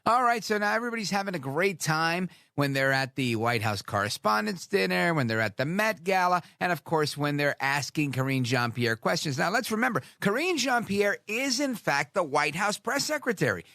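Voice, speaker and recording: A man's voice: fairly high pitch, moderate pace, hardly any pauses, dry recording, studio quality. A man hosting a talk radio show, delivering a sarcastic, rambling monologue full of asides. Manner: sarcastic, animated, drifts into asides.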